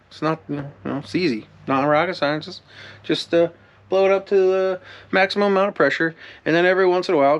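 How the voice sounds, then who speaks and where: A man talks through a how-to in a loose, rambling way, full of fillers and restarts. He sounds a bit winded. His voice sits a touch higher than most men's. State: out of breath. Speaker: DIY channel host. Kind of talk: casual how-to talk to camera.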